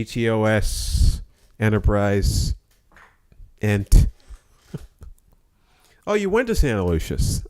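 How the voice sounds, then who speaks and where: Slow, loose-talking young podcast man. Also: lowish voice, a little mellow. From Florida, USA. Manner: profane, laughing, mock-outraged. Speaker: podcast host. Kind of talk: casual podcast chat.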